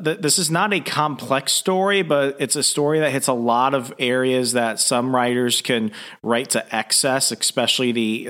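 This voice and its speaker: Halting, casual podcast host. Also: male voice, mid-range voice, a bit bright. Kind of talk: casual comic book review.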